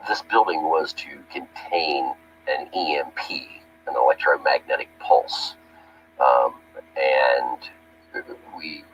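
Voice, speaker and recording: A man who worked on Army power systems, narrating over his photographs in a rambling, plainspoken way with many fillers. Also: a bass voice. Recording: dull lo-fi recording with faint music.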